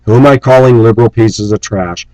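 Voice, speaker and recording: A man's voice: a little fast, mellow, dry recording, rough recording. A man delivering an angry, preachy rant on his vlog, scornful and sarcastic. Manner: mocks opponents in shrill put-on voices. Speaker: vlogger.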